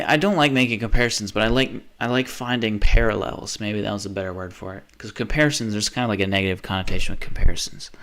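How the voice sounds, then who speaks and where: A man's voice: medium pitch, fairly bright tone. A livestreamer, a man, talking in a rambling rant that keeps restarting and trailing off. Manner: restless, self-interrupting, frequent restarts and trailing off.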